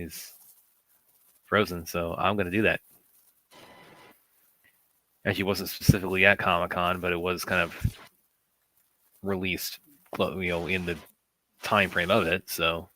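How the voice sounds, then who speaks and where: Bright, deep-voiced easygoing man. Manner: easygoing, chatty, laughing. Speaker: podcast co-host. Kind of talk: casual chat.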